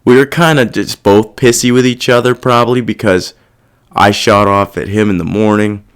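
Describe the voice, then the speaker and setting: A man's voice: fairly low pitch, fairly even intonation, moderate pace, clean tone. A young man hosting a podcast, talking through his feelings in a rambling, self-reflective and heavily profane casual monologue. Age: young adult. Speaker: podcast host.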